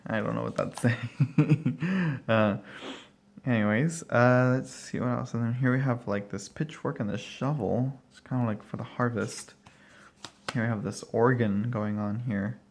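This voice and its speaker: A man's voice: mid-range voice, gravelly, slight background noise. Rambling man chatting through a tarot deck. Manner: rambling, thinking aloud with many fillers and short laughs. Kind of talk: casual walkthrough talk. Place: at home, dog barking nearby.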